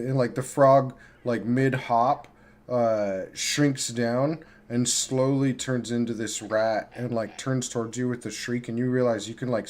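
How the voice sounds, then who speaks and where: Loose-talking male game master. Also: mid-range voice. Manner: loose, filler-heavy description. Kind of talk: narrating a tabletop game.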